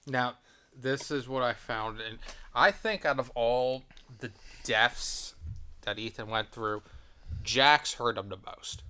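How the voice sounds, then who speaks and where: A man's voice: mid-range voice, slow, pushed and bright, clean tone. A man co-hosting a podcast, chatting casually and asking curious questions about a film. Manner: curious, asks lots of questions. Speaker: podcast co-host. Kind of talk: casual chat.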